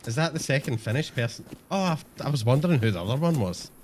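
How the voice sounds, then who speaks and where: A man's voice: mid-range voice, expressive, quick pace, darkish tone, slight background noise. A man streaming a game, chatting casually and self-mockingly to viewers, swearing often. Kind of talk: casual live-stream chat.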